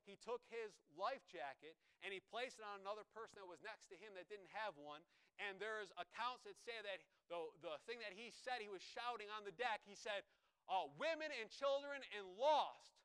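A man's voice: high-pitched, a little fast, bright, forceful tone, clear, resonant tone, low-quality recording. A man preaching a sermon, telling a story with emphasis and repeating phrases for weight.

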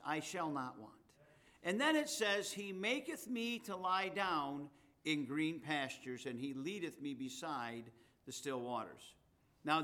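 A man preaching a sermon as pastor, reading scripture slowly and turning to chatty asides with his congregation. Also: fairly high pitch, a bit bright.

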